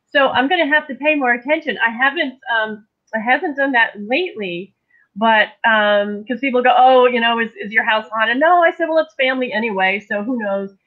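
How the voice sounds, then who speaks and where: A woman host with a fairly high voice comes through a thin, phone-like call line. She speaks thoughtfully and hesitantly, with many fillers as she reflects. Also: moderate pace. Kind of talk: casual interview chat over a remote call.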